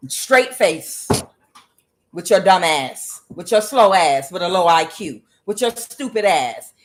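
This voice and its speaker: A woman giving a tarot reading as an angry, profane rant, mocking the people she blames and filling pauses with "uh". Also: fairly low pitch, animated, a little hiss or hum. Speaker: tarot reader. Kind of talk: ranting tarot reading monologue.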